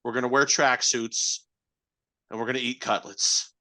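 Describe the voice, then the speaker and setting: A man's voice: medium pitch, fairly even intonation, moderate pace, pushed and bright. A man co-hosting a podcast, joking in wry, profane banter during casual chat. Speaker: podcast co-host.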